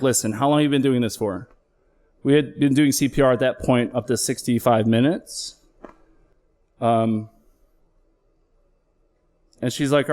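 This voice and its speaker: A man's voice: mid-range voice, a little mellow. Earnest middle-aged man telling a story. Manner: candid and earnest, with emotional swells. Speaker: flight paramedic. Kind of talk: personal story told live on stage.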